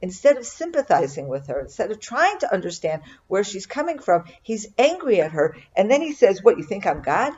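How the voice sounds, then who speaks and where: A middle-aged woman gives an earnest, reflective Torah commentary, often pausing and restarting her sentences. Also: mid-range voice, sing-song, a little mellow, husky, lo-fi sound. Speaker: Bible teacher.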